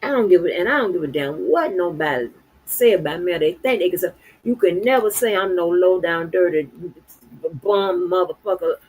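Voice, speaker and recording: A middle-aged woman from Florida in casual, profane commentary, exasperated and swearing constantly as she swings from low mutters to high outbursts. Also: lively intonation, normal speed, breathy edge, rough recording. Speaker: streamer commenting on news.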